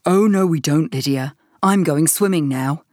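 A woman voicing a cold, stubborn middle-aged husband in an audiobook, speaking curtly in a flat tone. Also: low voice, normal speed, no echo, studio quality, close to an everyday voice. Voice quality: flat, curt.

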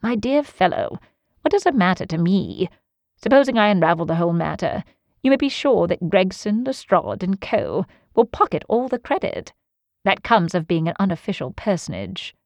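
A woman's voice: mid-range voice, very animated, moderate pace, darkish tone, dry recording. A woman voicing Sherlock Holmes, an aloof Victorian detective, in a cool, offhand, lecturing manner.

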